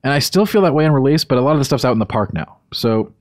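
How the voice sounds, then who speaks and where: A man's voice: medium pitch, animated, rapid-fire, dry recording. A man reviewing a video game in a casual podcast chat, emphatic and opinionated, on a close studio mic.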